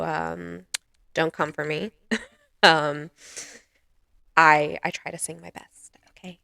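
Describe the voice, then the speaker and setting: A woman's voice: lowish voice, gravelly, sharp tone, no room sound, clean studio sound. A woman hosting her own vlog, chatting casually to camera with frequent ums and laughs. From US East Coast. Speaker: vlog host. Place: home in Arizona.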